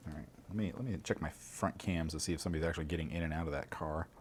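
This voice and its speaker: Deep-voiced man chatting casually on a stream. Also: very fast, darkish tone, a little hiss or hum. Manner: rambling, swearing, chuckling, mutters asides. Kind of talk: casual livestream chat.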